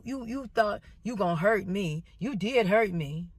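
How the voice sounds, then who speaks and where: A woman's voice: mid-range voice, unhurried, few pauses, husky, no echo. A middle-aged woman gives an emotional rant to camera as a social media poster, talking in an emphatic, repetitive, confrontational way.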